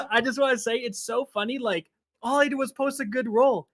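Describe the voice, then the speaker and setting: A man co-hosting a casual gaming podcast, telling a story in an animated, ranting way and swearing freely. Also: very high voice, moderate pace. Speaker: podcast co-host.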